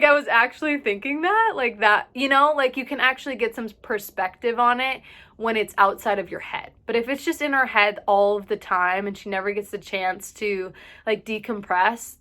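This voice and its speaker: A woman's voice: medium pitch, bright, forceful tone. A young woman vlogging casual advice to camera, chatty and full of "like", a little out of breath. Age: young adult. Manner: chatty, fills with "like", sighs and laughs.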